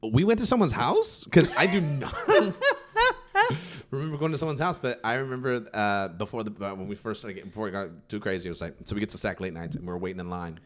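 Guy with a lowish voice rambling a story, cussing, keeps restarting his sentences. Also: fast talker. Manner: rambling, profane, full of fillers and restarts. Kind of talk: casual chat.

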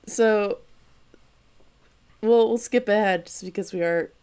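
A woman's voice: medium pitch, takes it slowly, darkish tone, smooth. Laid-back woman recapping a cartoon. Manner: laid-back, swears casually, laughs while retelling. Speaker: podcast co-host. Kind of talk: casual chat recapping an anime.

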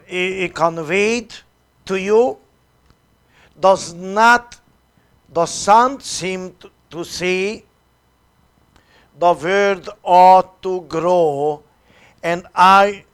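A man, a priest leading a retreat, reading a sermon slowly and deliberately with long pauses and dramatic swings between loud and soft. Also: high voice, clear, resonant tone.

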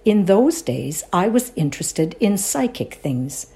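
A woman's voice: medium pitch, very animated, measured pace, warm tone. A woman giving a composed reading of a classic ghost story. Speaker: reader.

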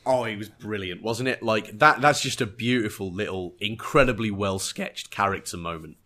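A man's voice: on the low side, moderate pace, sharp tone. A man with an English accent chatting on a podcast about a TV episode, enthusiastic and reflective, often searching for his words. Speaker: podcast co-host. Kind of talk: casual chat reviewing a TV episode.

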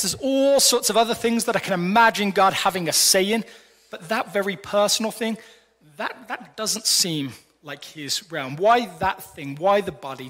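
A middle-aged male pastor gives a sermon in a big hall, and his voice carries a long reverb. His tone sits high and bright, and he talks to the congregation in a conversational, playful way, stacking up rhetorical questions. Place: large hall before a congregation.

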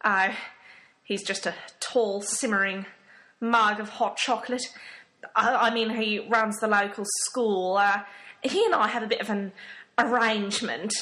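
A woman's voice: mid-range voice, fairly even intonation, unhurried, pushed and bright. A woman playing a flustered, hesitant charity organizer in a comedy sketch.

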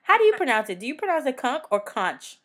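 A woman with a Southern US accent co-hosting a casual chat podcast, laughing often and acting out quick asides. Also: sits high. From American South. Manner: laughs often, animated, drifts into voiced asides. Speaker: podcast co-host.

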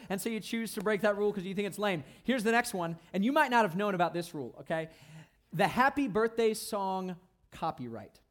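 Playful, high-voiced young man preaching. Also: a little fast. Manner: animated, playful, asks the crowd "right?" often. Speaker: youth pastor. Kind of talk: youth sermon.

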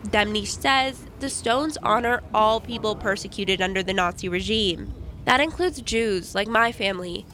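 Calm woman radio reporter. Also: mid-range voice, a little hiss or hum. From United States. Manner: calm, measured first-person reporting. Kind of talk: radio feature narration.

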